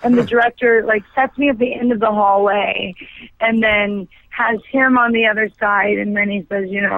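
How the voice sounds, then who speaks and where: A woman's voice: on the high side, steady tone, no echo. Chatty woman on a tinny phone line. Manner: chatty, fast, filler-heavy storytelling with frequent likes. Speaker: guest actress. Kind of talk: casual interview chat.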